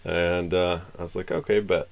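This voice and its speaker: A man's voice: low-pitched, flat delivery, moderate pace, creaky. A man streaming live, telling a long story in a casual, rambling way and acting out the lines of the people in it. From Florida. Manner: rambling, acts out the dialogue of the people in his story.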